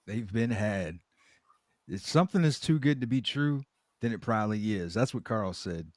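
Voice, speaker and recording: A man's voice: on the low side, lively intonation, normal speed, dry recording. A man co-hosting a podcast, tossing in dry, wisecracking asides during a casual chat. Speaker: podcast co-host.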